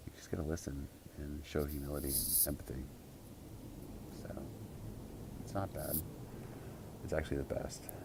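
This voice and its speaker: A man with a very low voice talks straight to camera, earnest and full of curses as he tells his stories. He manages a band and records this casual vlog outdoors on a city street at night, with faint street noise behind him. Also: darkish tone. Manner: earnest, profane storytelling.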